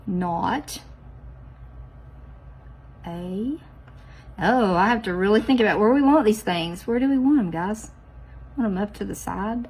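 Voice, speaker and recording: A woman's voice: medium pitch, moderate pace, gravelly, slight background noise, low-quality recording. A woman, chatting casually to viewers as she does her nails, teasing herself as she goes. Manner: chatty, self-teasing, talks straight to viewers. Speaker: nail art vlogger. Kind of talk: casual chat while doing nails.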